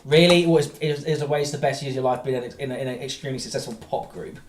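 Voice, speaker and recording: A man hosting a reaction stream, swearing and exasperated, breaking into shouting outbursts. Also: mid-range voice, fairly even intonation, racing, reverberant. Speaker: stream host reacting to videos. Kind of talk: drunk reaction stream commentary.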